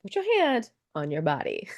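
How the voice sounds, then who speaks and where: A woman in her twenties or thirties, a coach and nurse being interviewed on a podcast. She talks in an animated, casual way, acts out people's inner voices and swears freely. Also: low-pitched, unhurried.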